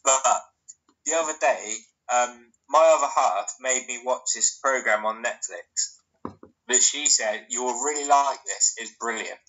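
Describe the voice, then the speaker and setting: A man's voice: medium pitch, a little slow, a bit bright, rough recording. A man who is drunk, chatting casually as co-host in rambling, joking banter. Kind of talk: casual chat.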